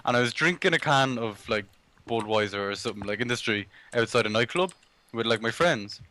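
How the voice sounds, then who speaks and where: A man's voice: mid-range voice, lively intonation, a little fast, sharp tone. A young man with an Irish accent co-casting a video game match, telling stories and bantering with plenty of swearing. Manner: storytelling, profane, laughing banter. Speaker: esports co-caster. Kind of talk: casual game commentary.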